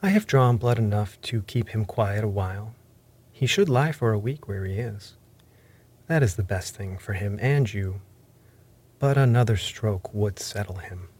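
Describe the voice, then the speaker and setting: A man's voice: lowish voice, darkish tone, husky. A man voicing a blunt, stern doctor who speaks firmly and scolds, in an audiobook reading. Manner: brisk, firm and scolding.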